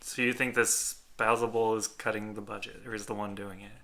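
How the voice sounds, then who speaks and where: A man playing a character in a tabletop game, asking lively questions in character. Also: fairly low pitch, a little fast, a crowd in the background. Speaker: player.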